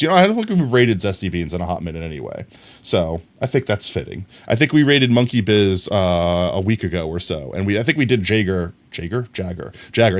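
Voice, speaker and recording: Male streamer, lively pitch swings, jokey casual chat with viewers. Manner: playful, joking, chuckles often. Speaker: live streamer.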